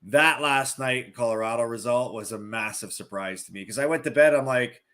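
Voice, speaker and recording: Brief: former pro hockey player turned analyst, average-pitched man, animated, teasing storyteller. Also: moderate pace. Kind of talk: casual sports betting banter.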